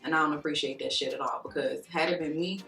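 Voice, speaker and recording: Woman vlogger, storytime rant, profane and emphatic, bright tense voice, roomy echo, faint music behind. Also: deep voice, fairly even intonation, quick pace, vocal fry. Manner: heated, profane, emphatic venting. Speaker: beauty vlogger. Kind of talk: storytime chat while doing makeup.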